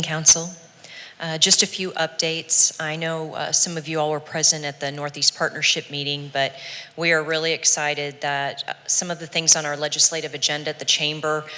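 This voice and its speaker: Low, bright-toned businesswoman giving updates. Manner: matter-of-fact, with frequent "uh" fillers. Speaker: chamber of commerce representative. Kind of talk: public update at a council meeting. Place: city council chamber. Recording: council chamber with long reverb.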